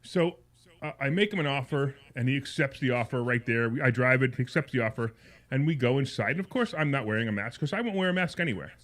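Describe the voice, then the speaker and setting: A man talks fast on a radio studio mic, pitched right in the middle for a man. He rambles through a personal anecdote, restarting and repeating himself, his tone turning indignant as the story builds. It sounds like an unscripted host chatting on a call-in show. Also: animated, fairly bright tone. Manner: grows heated and indignant as he tells it.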